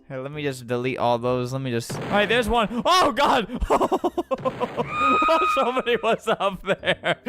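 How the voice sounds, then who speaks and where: Young male streamer, high bright voice, giggly playful commentary. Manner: giggly, playful, laughs often. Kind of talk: gameplay commentary.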